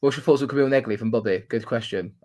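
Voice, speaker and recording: A man's voice: medium pitch, racing, darkish tone. A man co-hosting a live football podcast, chatting casually with lots of "like" and "mate". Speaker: podcast co-host. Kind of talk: casual live-stream chat.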